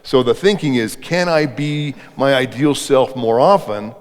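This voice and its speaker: A man's voice: medium pitch, expressive, a little slow, smooth. A middle-aged man speaking on leadership at a live event, talking conversationally and putting questions to the audience. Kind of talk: interactive live talk to an audience. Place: event hall before an audience. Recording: reverberant hall.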